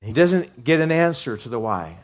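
A man's voice: mid-range voice, sing-song, normal speed. Male pastor, sermon delivery, conversational with restarts, rising to fervent peaks. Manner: earnest, rising to fervent outbursts; conversational, with restarts and asides to the congregation.

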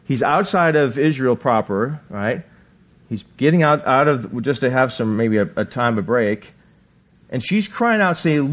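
A man preaching a sermon in a conversational way, reading scripture aloud and often checking in with listeners with a quick "right?". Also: mid-range voice, expressive. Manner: reads scripture aloud, acts out quotes. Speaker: pastor.

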